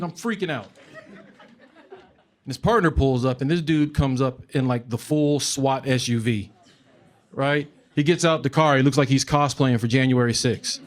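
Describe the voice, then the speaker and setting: A man telling a funny personal story on stage in a conversational, animated way, repeating phrases for comic effect. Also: mid-range voice, a little fast. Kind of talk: live comedic storytelling.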